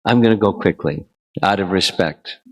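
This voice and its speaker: A man giving a devotional lecture as a spiritual teacher, relaxed and bantering with his audience. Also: low-pitched, moderate pace, poor audio.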